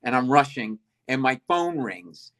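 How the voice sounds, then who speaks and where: In a self-deprecating comic story, a middle-aged man who is a guest acts out the dialogue with high energy. His mid-range, slightly bright voice moves unhurriedly, with lively intonation.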